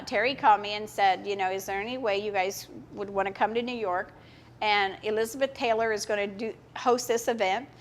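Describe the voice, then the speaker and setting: A woman's voice: medium pitch, a bit bright, a little hiss or hum. An older American woman interviewed at a live event, telling a personal story earnestly, with frequent halts and restarts. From United States. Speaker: guest speaker. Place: event stage in front of an audience.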